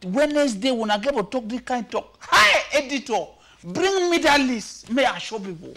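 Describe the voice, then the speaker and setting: A man with a Cameroonian Pidgin accent giving comic commentary, animated and switching between languages, sometimes shouting. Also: extremely high pitch, moderate pace, slight background noise. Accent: Cameroonian Pidgin English. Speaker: comedy commentator.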